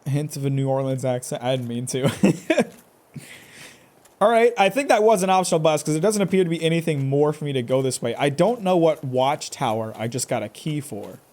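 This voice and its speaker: A man's voice: fairly high pitch, lively intonation, brisk, a little mellow. A man streaming a game live, joking and trash-talking the boss and characters as he plays. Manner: jokey, talks back at the game. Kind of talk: live gameplay commentary.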